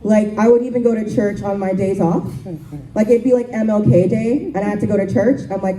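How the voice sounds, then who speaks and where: A young woman of Haitian background doing a casual, deadpan stand-up set, full of "um" and "like," on a comedy club stage. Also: mid-range voice, fairly quick, crowd noise. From Haitian family. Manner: casual, deadpan, lots of ums and likes. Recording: echoey club from far off.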